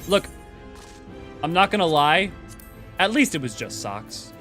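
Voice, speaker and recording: A man's voice: fairly high pitch, sing-song, measured pace, bright, forceful tone, soft background music. A man hosting a game lore stream, chatting casually and rambling in a self-deprecating way while reading a story. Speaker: lore channel host.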